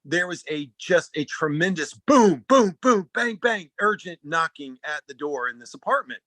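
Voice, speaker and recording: A man telling a personal story at a talk, animated and rambling, often restarting his sentences. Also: fairly high pitch, normal speed, dry recording. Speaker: speaker at a talk.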